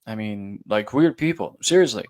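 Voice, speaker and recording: A man co-hosting a live stream, chatting in a quiet, laid-back, agreeable way. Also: fairly low pitch, expressive, normal speed. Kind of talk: casual live-stream chat.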